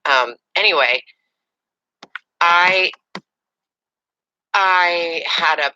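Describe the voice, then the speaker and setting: A middle-aged woman telling a personal story in casual conversation, animated and rambling with fillers and restarts. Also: fairly low pitch, very slow, lo-fi sound, a little hiss or hum. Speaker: podcast guest.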